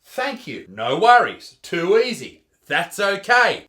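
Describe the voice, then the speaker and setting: A man's voice: high voice, very animated, measured pace. A man with an Australian accent ranting crudely in a mocking comedic reaction, swearing often. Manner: loud, mocking, swears a lot. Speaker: comedy YouTuber reacting to a clip.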